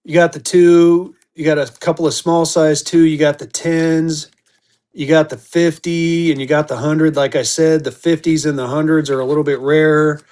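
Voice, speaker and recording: A man's voice: fairly high pitch, level tone, moderate pace, darkish tone. A man selling banknotes in a live-stream auction, with hyped, repetitive auctioneer patter.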